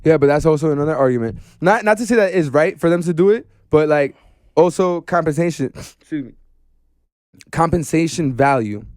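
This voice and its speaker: A man talking casually as a podcast guest, animated and slangy, saying "bro" often. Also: a little high, fairly quick, dry recording, clean studio sound.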